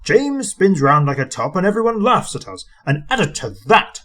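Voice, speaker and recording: A man's voice: high voice, sing-song, normal speed, fairly bright tone, pitched above the performer's own voice. A man voicing a haughty sneering steam engine. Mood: indignant. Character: bossy proud male tender engine.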